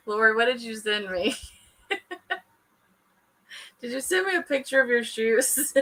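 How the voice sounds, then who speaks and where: A woman's voice: a little high, expressive, takes it slowly, long pauses, sharp tone, poor audio. A woman co-hosting a casual livestream chat, laughing often and talking to viewers by name.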